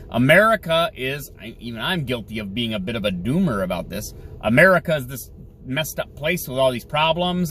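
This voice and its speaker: A male podcast host giving sarcastic, opinionated solo commentary while he drives, mocking others in shrill put-on voices. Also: a bit bright, low-quality recording. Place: in a car. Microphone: phone or camera mounted in the car. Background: faint car and road noise.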